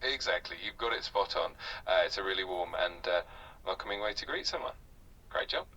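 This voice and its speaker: A man's voice: low voice, lively intonation, a little fast, pushed and bright, slightly rough, recorded from a distance, rough recording. A synthetic male conversation partner tutoring a learner in a polite, encouraging way, scattered with "uh" fillers. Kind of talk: patient tutoring chat.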